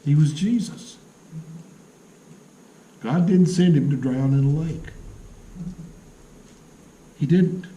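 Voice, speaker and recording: A man preaching a sermon in a church, telling stories earnestly with dramatic pauses. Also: fairly high pitch, mellow, reverberant, muffled recording. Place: church sanctuary.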